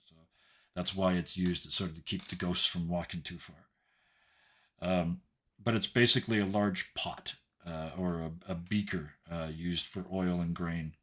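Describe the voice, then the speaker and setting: Low-voiced man running a tabletop game. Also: fairly even intonation, a bit bright. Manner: halting, descriptive narration. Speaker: game master.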